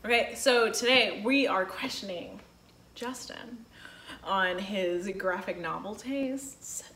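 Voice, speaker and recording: A woman's voice: mid-range voice, slow pace, fairly bright tone. Chatty Southern woman in an echoey room. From Texas. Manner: chatty and playful. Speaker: host. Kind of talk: casual chat. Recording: echoey room with faint noise.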